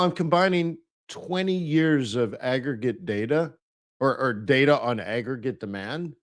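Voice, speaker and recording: Male webinar host, mid-pitched, chatty and playful, mimics people for laughs. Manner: chatty, laughs at his own jokes. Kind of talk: live webinar presentation.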